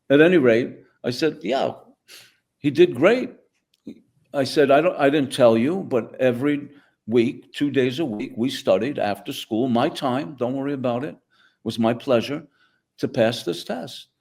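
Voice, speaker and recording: A man, a guest on a podcast telling a story from his own life. He speaks at a middle pitch for a man. He acts out the lines of everyone in the story as he tells it. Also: unhurried, a little mellow. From the Bronx, New York. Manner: vivid storyteller acting out dialogue. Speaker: guest, former teacher. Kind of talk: conversational storytelling.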